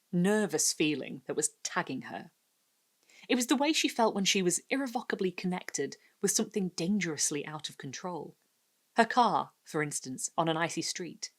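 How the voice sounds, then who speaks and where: A woman reads a gothic short story aloud in a measured, expressive way. Her fairly low voice rises and falls in a lively way, and she leans into the tension of each sentence. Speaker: host and reader.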